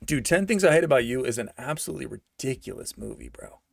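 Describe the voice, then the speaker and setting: Sarcastic young man ranting, gravelly. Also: medium pitch, lively intonation, fast talker, no room sound, studio quality. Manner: sarcastic, slangy, repeats himself for emphasis. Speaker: movie review vlogger. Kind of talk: ranting casual movie review.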